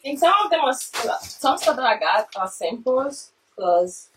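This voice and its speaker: A woman vlogging casually from her basement, chatting straight to viewers, excitable and swearing freely. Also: high voice, normal speed, recorded from a distance, slight background noise, poor audio. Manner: excitable, swearing, talks straight to viewers, non-native grammar. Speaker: vlogger unboxing her own fitness products. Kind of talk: casual unboxing vlog. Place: home basement.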